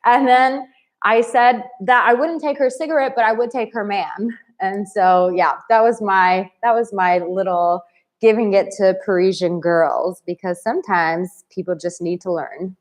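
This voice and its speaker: A woman dating coach in her thirties talking casually to camera, blunt and animated, acting out the people in her stories. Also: mid-range voice, unhurried. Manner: animated and blunt, acts out quoted voices.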